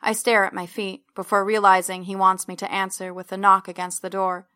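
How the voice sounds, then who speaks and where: A woman narrating first-person fiction with measured, even storytelling. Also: mid-range voice. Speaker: audiobook narrator.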